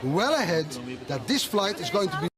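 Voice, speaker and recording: A man's voice: high-pitched, very animated, moderate pace. A man, a stranded airline passenger at an airport terminal, arguing angrily and sarcastically with staff. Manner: angry, sarcastic, shouting. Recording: busy airport crowd behind.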